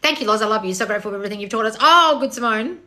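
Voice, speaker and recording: Bright-voiced, blunt, sweary woman coach. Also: medium pitch, very fast. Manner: blunt and sweary, laughing, reading viewer comments aloud. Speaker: manifestation coach. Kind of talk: live-stream Q&A. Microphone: phone.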